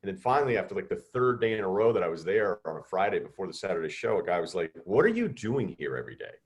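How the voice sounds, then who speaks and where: A middle-aged man telling students a story over a video call, animated and acting out the voices of others. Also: low-pitched, quick pace. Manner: animated, acts out quoted voices. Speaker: guest speaker.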